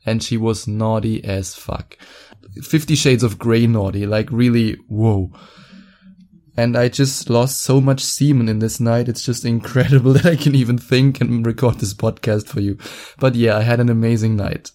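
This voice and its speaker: This podcast host is a young man from Germany whose mid-range voice has a dark tone, fairly even intonation, and normal speed. His casual monologue comes out blunt, profane, and full of boasting.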